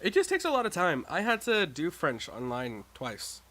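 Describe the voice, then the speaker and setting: A man's voice: fairly high pitch, wildly swooping pitch, moderate pace, bright, forceful tone. A man streaming a story game, chatting offhand with laughing asides between reading lines. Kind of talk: casual chat while reading a game aloud.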